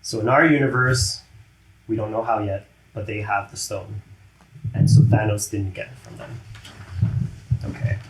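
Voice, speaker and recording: A man's voice: on the low side, moderate pace, pauses often, slight background noise. A man narrating a tabletop game as game master in a chatty way, laughing often and slipping into character voices. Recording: roomy echo.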